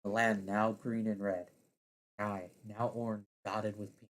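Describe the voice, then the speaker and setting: A man narrating a second-person audio story in a deliberate way, now and then laughing at his own slips. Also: lowish voice, little pitch movement.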